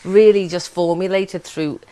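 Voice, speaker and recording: A woman chats as an interview guest. Her voice is low and her talk lively and candid, full of quick restarts. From Liverpool, England. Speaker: actress, guest. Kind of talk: casual interview chat.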